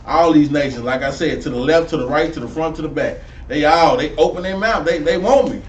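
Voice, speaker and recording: A man teaching scripture on the street in a preachy, animated way, full of slang and rising to near-shouts. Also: fairly high pitch, fairly quick, highs cut off. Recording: roomy, distant mic with faint noise.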